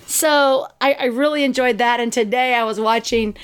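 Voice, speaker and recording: A middle-aged woman chatting casually as a podcast co-host, telling stories in an animated way and acting out scenes. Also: fairly high pitch, moderate pace, clean tone. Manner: animated storyteller, acts out scenes with exclamations. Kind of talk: casual chat.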